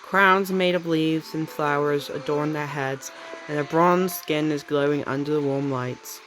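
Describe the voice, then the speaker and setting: A woman's voice: low-pitched, steady tone, a little slow, a bit bright, soft background music, low-quality recording. A woman streamer reading game text aloud with casual, chatty asides.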